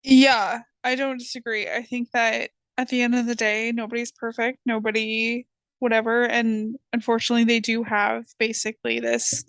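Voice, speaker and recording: Young woman co-host, plain-spoken and blunt, a touch higher voice, dry mic. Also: level tone, normal speed, fairly bright tone, dry recording. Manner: blunt, swears casually. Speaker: podcast co-host. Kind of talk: casual chat.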